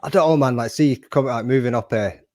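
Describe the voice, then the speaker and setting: A man's voice: mid-range voice, a little fast, a little mellow, no echo, studio quality. A man with a Northwest English accent hosting a podcast, chatty and matey, often saying "you know what I mean". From Northwest England. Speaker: podcast host. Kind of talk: casual interview chat.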